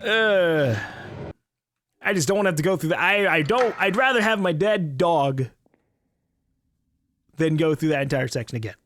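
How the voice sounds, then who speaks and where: A gaming YouTuber playing through a horror game, thinking aloud, swearing and yelling at the screen. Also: male voice, a little high, normal speed, pauses often. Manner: excitable, swears, shouts at the game. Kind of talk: horror game let's play commentary. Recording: game music behind the voice.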